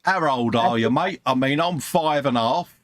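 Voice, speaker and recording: A man's voice: medium pitch, normal speed, dry recording. Chummy British man reading live chat. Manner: chummy, calls everyone mate. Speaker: co-host of a live model-building stream.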